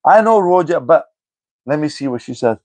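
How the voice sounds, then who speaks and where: A man with a slightly high-pitched voice is chatting on a live stream, answering viewer comments. He teases the viewers, keeps repeating their names and keeps saying "you know what I mean". The sound is dry and close to the mic. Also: animated, normal speed, no room sound. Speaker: livestreamer replying to chat. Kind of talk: live-stream chat banter.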